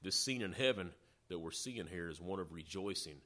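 A man preaching a sermon, teaching through scripture in a measured way. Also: deep voice, lively intonation, sharp tone. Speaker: pastor.

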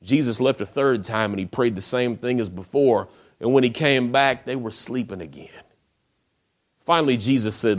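A man's voice: medium pitch, moderate pace. A man preaching a sermon, retelling a scripture story in a casual storytelling way with rhetorical questions.

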